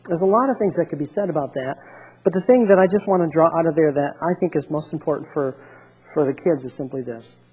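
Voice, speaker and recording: A man's voice: fairly high pitch, fast, darkish tone, husky, rough recording. A male pastor preaching a sermon, emphatic and repetitive, reading scripture aloud and restarting his phrases often.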